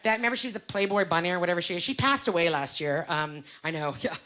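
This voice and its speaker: Fast-talking Canadian woman doing stand-up. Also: on the low side. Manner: loud, animated, exclaiming to the crowd. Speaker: stand-up comedian. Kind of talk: stand-up comedy set. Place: comedy club stage with a live audience. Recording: live stage recording with audience noise.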